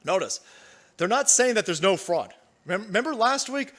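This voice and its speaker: This is a man with a notably high voice hosting his own live commentary stream. He is furious and profane, firing combative jabs and repeating lines for effect. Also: animated, normal speed, a bit bright. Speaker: livestream political commentator.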